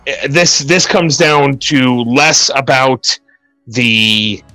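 Co-hosting a sports podcast over a remote call mic, a man with a mid-range voice draws out his words in a sharp tone. He tells a story in casual sports chat, laughing often and mocking himself, with no echo and soft music behind him.

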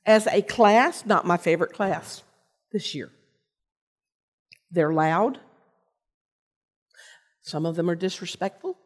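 An older woman giving a personal storytelling sermon, earnest, with pauses and restarts. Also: lowish voice. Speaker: lay preacher and teacher. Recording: long reverb of a large hall.

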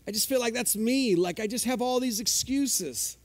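A man's voice: sits high, expressive, moderate pace, hardly any pauses. A male pastor preaching a sermon in a conversational, self-deprecating way, eagerly unpacking the original Greek words of scripture.

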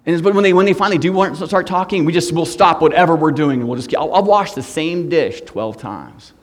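Middle-aged male guest pastor, humorous preacher with a high-ish voice, long church echo. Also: a little fast. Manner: humorous, swings between soft and loud. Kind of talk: sermon. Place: church sanctuary.

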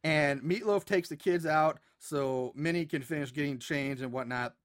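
A man's voice: a little high, moderate pace. A man in casual podcast chat, recapping a film in a rambling way with many fillers and restarts. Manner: rambling, filler-heavy retelling with frequent restarts. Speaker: podcast co-host.

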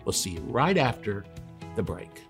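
A man preaching a radio sermon, emphatic, his voice sometimes dropping low. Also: sing-song, normal speed, creaky, faint music behind. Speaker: pastor.

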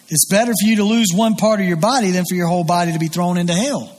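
A male pastor preaches in a high, slightly husky voice, earnest and emphatic as he circles back over his phrases. His words ring out with the long reverb of a large church hall. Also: quick pace, darkish tone. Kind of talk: sermon.

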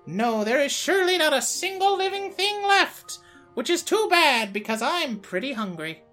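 A woman voicing a gentle male cat spirit who rambles in a childlike way with a put-on accent, in a high, lively voice. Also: normal speed, faint music behind. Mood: dreamy. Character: dreamy old male ghost cat, gentle.

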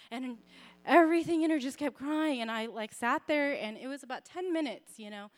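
A woman in her thirties shares a personal testimony in the easy, rambling way of a sermon, full of fillers and asides. Her voice sits high, and she keeps a warm, earnest, conversational tone throughout. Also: brisk. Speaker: speaker sharing a testimony.

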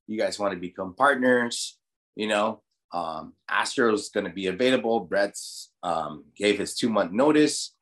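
Laid-back, lower-voiced man from Guam. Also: fairly bright tone. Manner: loose, profane, heavy use of "like" and "you know". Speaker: restaurant owner and chef. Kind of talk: casual storytelling interview.

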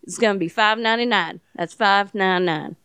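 A woman's voice: medium pitch, normal speed, a bit bright, smooth, no room sound, clean studio sound, lightly acted. A woman voicing a blunt country-voiced male funeral home clerk on the phone, in a drawling twang. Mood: matter-of-fact.

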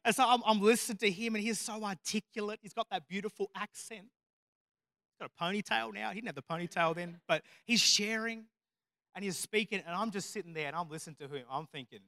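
A man's voice: sits high, fairly quick, sharp tone, dry recording, studio quality. A man preaching a sermon, telling stories with self-deprecating humor and building to emphatic, repeated declarations. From Australia.

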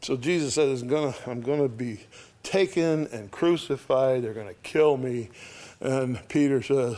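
A man's voice: medium pitch, measured pace, dark tone. A man preaching a conversational sermon, reading scripture aloud and often checking in with his listeners. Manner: conversational Bible teaching, reads scripture aloud; often checks in with "all right?".

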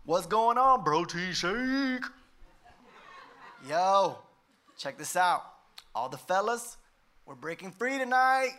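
A man voicing a loud, hyped-up male buddy who talks in slang and laughs while inviting his friends out. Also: sits high, animated, slow pace, pauses often, full character voice.

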